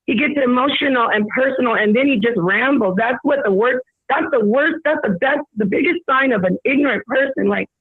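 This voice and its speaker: Husky woman debater, indignant, lecturing tone, tinny phone-line sound. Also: on the high side, no room sound. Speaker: debate guest. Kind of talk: heated debate.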